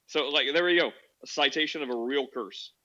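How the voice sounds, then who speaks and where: Rambling joking man, bright voice. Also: medium pitch, moderate pace, highs cut off. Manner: rambling, joking, laughs often. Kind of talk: casual chat.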